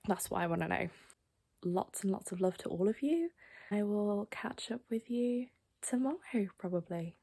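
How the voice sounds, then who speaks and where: A young woman from England chatting casually to camera at home at night, often dropping to a soft whisper. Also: mid-range voice, lively intonation, normal speed, creaky. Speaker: vlogger.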